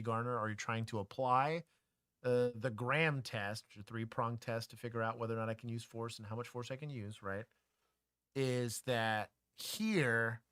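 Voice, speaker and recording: A man's voice: mid-range voice, a bit bright, dry recording, studio quality. A man co-hosting a livestream, a former police officer giving opinionated commentary and explaining use-of-force law.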